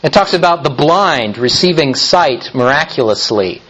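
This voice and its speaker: A man preaching a sermon in an emphatic, deliberate way, often restarting his phrases. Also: on the high side, lively intonation, a bit bright, breathy edge, rough recording.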